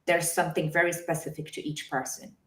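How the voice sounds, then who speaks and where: A woman's voice: low-pitched, flat delivery, fairly quick, fairly bright tone, echoey room. A woman hosting a podcast interview, thoughtful and searching for her words. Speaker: podcast host.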